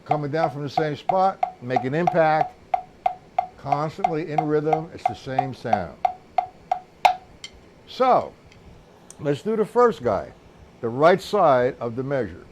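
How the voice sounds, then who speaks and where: A man's voice: a little high, sing-song, slow, long pauses, muffled recording, very noisy. A man giving a casual live-streamed drum lesson, counting beats aloud as he explains technique. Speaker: drum teacher.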